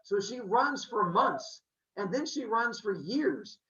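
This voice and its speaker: A man hosting a podcast, telling a myth in a playful, animated way with jokey asides. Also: extremely high pitch, slow pace. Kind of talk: comic storytelling. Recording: roomy, slightly muffled.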